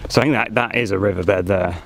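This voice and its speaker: A man's voice: sits low, fairly quick, noisy background. A man vlogging outdoors in a forest, chatting and joking as he thinks aloud into a handheld camera. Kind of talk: casual vlog commentary.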